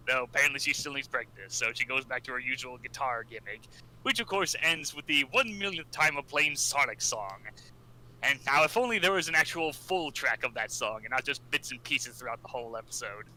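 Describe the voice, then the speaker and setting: A man's voice: mid-range voice, sharp tone, poor audio. A man recapping a cartoon episode in casual chat, laughing often and breaking into exaggerated character voices. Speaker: podcast co-host.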